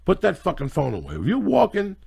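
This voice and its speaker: A middle-aged man hosting a casual podcast chat, ranting loudly and profanely in a preachy way. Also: sits high, huge pitch swings, fairly quick. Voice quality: gravelly and husky. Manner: loud, profane, preachy rants. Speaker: podcast host.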